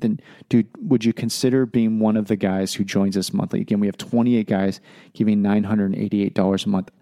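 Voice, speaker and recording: Earnest pleading man, warm low voice. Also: fairly even intonation, brisk, no echo. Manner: pleading, casual, says "man" and "dude" often. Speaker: podcast host. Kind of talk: earnest podcast appeal.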